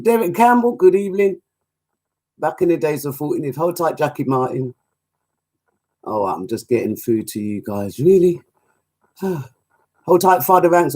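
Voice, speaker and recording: A woman hosting a live music show, reading out chat shout-outs in a casual, animated way. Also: on the low side. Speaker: radio show host and DJ. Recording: music playing underneath.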